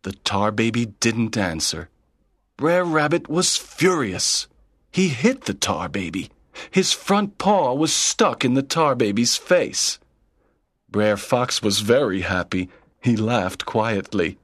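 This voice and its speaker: Man reading a kids story real slow, simple plain sentences, dry close mic. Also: mid-range voice, very animated, a bit bright, no room sound. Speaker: narrator. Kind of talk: slow read-aloud storytelling.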